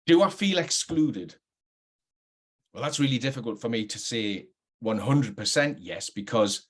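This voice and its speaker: Geordie man, hesitant and earnest. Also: mid-range voice. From North East England. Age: middle-aged. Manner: hesitant, restarts often, earnest. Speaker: actor. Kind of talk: reflective talk to camera.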